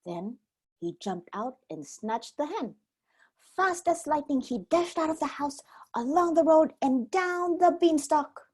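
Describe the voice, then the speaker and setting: A preschool teacher reads a storybook aloud, taking her time with every line. Her voice sits fairly high and mellow and swings widely, keeping the telling lively. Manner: expressive, slow storytelling.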